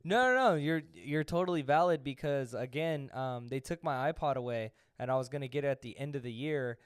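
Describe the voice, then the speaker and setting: A man's voice: mid-range voice, a little fast, clean tone, no echo, clean studio sound. A young man co-hosting a podcast who jokes around and chimes in with short reactions in casual chat. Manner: joking, chiming in with short reactions. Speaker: podcast co-host.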